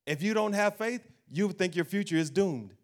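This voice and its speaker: A man preaching an animated sermon as pastor, acting out doubting voices and laughing along the way. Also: sits high, a little fast.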